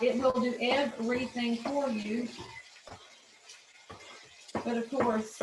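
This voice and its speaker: A woman with a slightly high voice and a Southern US accent hosts a cooking channel from her home kitchen, chatting through a recipe in a casual demonstration. She's folksy and opinionated, says "y'all," and the recording sounds roomy with a noisy background.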